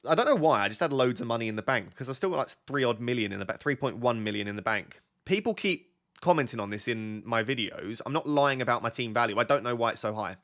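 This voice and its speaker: Young male streamer, mid-pitched and conversational, loose, chatty, easily sidetracked. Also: expressive, quick pace, fairly bright tone. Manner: chatty, easily sidetracked, reads out chat messages. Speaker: fantasy football streamer. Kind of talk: casual live-stream chat.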